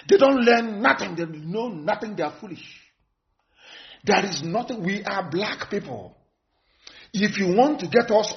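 A Nigerian man giving a fiery, scornful political broadcast, repeating phrases for emphasis. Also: high voice. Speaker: activist addressing followers. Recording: dull lo-fi recording.

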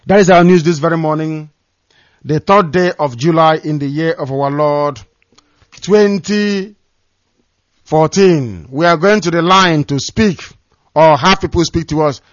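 A man's voice: fairly high pitch, measured pace, no echo, highs cut off. A man hosting a call-in radio broadcast, delivering a scornful, preaching monologue. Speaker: radio host.

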